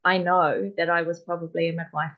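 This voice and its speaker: A woman's voice: fairly low pitch, flat delivery, a little fast. Modest New Zealand woman, muffled audio. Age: 40s. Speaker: guest. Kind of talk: casual conversation.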